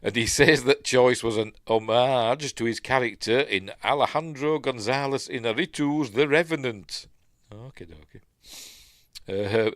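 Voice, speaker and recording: A man's voice: medium pitch, unhurried, a bit bright, dry recording, studio quality. A man with a Yorkshire accent hosting a casual live stream, rambling as he reads news and chat comments aloud and adds his own asides. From Yorkshire, England.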